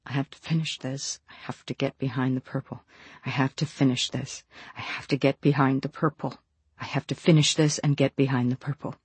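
A woman's voice: deep voice, level tone, a little fast, a little mellow, breathy edge, dry recording. A narrator voicing a wounded woman who forces clipped, short replies while hiding her pain. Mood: muttered mantra. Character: wounded woman hiding her injury, straining to sound fine.

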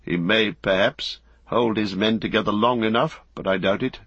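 A man voicing an old male wizard, grave and commanding, with a measured, solemn delivery. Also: fairly low pitch, fairly bright tone, slightly rough, no room sound, muffled recording.

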